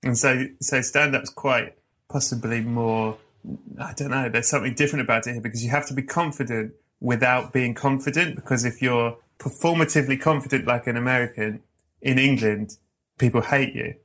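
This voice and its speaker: A male podcast host chatting over a video call, telling animated stories with chuckles. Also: medium pitch, fairly quick. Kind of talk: casual interview chat.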